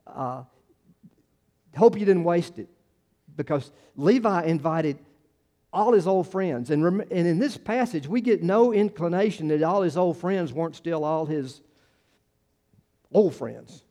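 A man's voice: on the high side, lively intonation, a little slow, warm tone. A male pastor, preaching a conversational sermon full of restarts and acted-out quotes.

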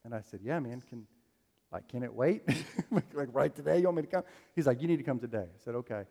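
A man's voice: mid-range voice, lively intonation, fast, gravelly, dark tone. A man preaching a sermon as a pastor, telling stories in a loose, conversational way with plenty of fillers. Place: church sanctuary. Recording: long hall reverb.

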